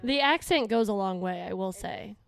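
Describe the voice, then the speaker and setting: Woman podcast host, smooth tone, chatty and encouraging. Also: medium pitch, expressive. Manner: encouraging, quick interjections. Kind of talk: casual chat.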